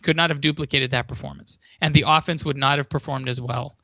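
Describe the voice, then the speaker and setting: A man's voice: mid-range voice, steady tone, quick pace, gravelly, bright, forceful tone, dry recording, highs cut off. A man co-hosting a sports podcast in casual chat, rambling and restarting his sentences.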